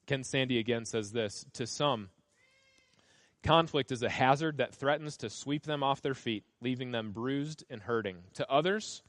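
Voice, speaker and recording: A man's voice: medium pitch, measured pace, a bit bright, no room sound. A male pastor preaching a sermon, reading scripture aloud and stressing key phrases by repeating them.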